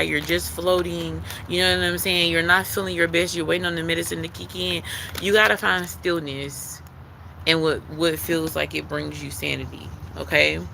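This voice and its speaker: A man's voice: a little high, gravelly, background noise. A man giving a live-streamed spiritual tarot card reading, talking in an earnest, repetitive way that leans on emphasis like a preacher.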